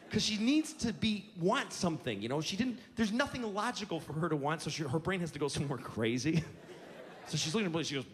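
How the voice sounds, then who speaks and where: Animated, high-pitched man doing stand-up. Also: fast talker, long reverb tail. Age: 40s. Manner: exasperated, self-mocking, animated. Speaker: stand-up comedian. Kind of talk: stand-up comedy storytelling.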